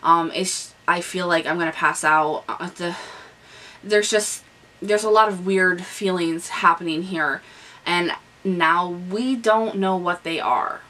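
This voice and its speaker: Young woman chatting to her camera about her pregnancy, bright voice, bit far from the mic, lots of ums. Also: lowish voice, takes it slowly. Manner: candid, chatty, with frequent ums and restarts. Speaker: vlogger. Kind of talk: casual pregnancy update vlog. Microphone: camera on a stand nearby.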